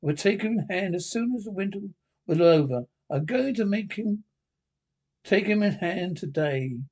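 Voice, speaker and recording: Stern old badger, read by a man: gravelly, grave and commanding, storybook reading. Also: high voice, lively intonation, moderate pace, a little mellow.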